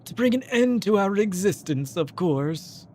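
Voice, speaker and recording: A man reading the lines of a solemn, otherworldly ghostly creature in a stately, measured way. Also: high-pitched, expressive, a little mellow, slight background noise, voice pushed up.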